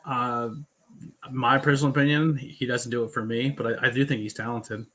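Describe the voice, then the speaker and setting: A man co-hosting a casual live watch-along, relaxed and opinionated, with quick bursts of speech. His voice sits at a medium pitch and has a bright, forward edge. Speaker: podcast co-host.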